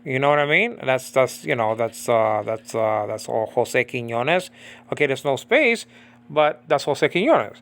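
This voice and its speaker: A man teaching an informal Bible study, rambling with many fillers, often asking if the listener understands, and reciting verses slowly and deliberately. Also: mid-range voice, lively intonation, fairly bright tone. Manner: rambling, many fillers, keeps asking "you understand what I'm saying?". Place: in the Philippines.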